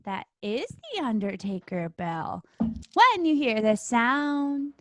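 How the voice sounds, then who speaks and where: A woman's voice: on the high side, sing-song, slow pace. A woman co-hosting a wrestling podcast, rambling casually and laughing often. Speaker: podcast co-host. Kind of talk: casual chat.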